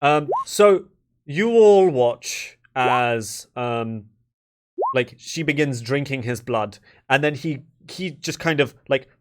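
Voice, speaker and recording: A young man narrating a tabletop game as dungeon master, loose and full of fillers. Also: medium pitch. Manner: loose, with many fillers and restarts.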